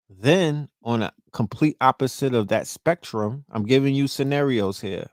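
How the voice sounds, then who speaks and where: A man with a rough, gravelly voice holds forth in a loose, profane podcast monologue. He keeps checking in with the listener, asking whether they know what he means. His voice sits at a middle pitch, and the sound is dry and close, with no room echo. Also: darkish tone. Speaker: podcast host. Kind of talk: casual monologue.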